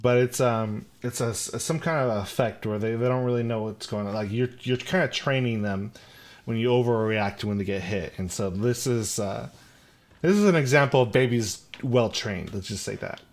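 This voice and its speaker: A man co-hosting a relaxed podcast chat, his voice sitting at an ordinary middle pitch. He rambles along, restarting sentences and dropping quick asides as he tells stories. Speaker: podcast co-host.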